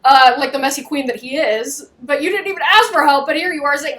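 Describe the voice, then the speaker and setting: A young woman hosting a casual recap, animated and chatty, swearing and acting out scenes. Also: sits high, a little fast, poor audio. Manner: animated, swears, acts out quotes. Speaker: YouTube recap host. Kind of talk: casual chat.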